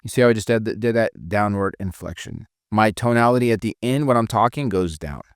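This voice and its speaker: A man's voice: medium pitch, quick pace, smooth, no room sound, clean studio sound. A man giving a casual spoken sales training lesson, often restarting phrases and demonstrating intonation.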